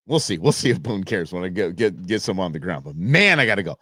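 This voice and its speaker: A man hosting a live stream, telling a story in a chatty, expressive way. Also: low voice, a little fast, slightly rough, no echo, clean studio sound. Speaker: livestream show host. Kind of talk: casual livestream chat.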